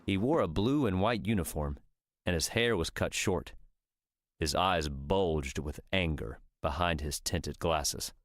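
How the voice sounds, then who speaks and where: A man reading an audiobook in scripted narration, steady and even. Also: low voice, unhurried, no room sound, clean studio sound.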